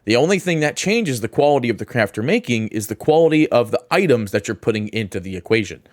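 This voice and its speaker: A man talks through a game crafting tutorial in a casual, explanatory voice-over, now and then stopping to correct himself. His voice sits at a middle pitch. The sound is dry and close, with no room around it. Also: dry recording. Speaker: gaming guide creator.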